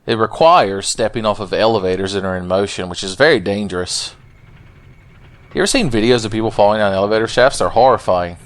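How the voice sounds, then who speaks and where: A man's voice: on the low side, brisk. A man giving let's play commentary in a jokey, profane, rambling way. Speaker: gameplay commentator.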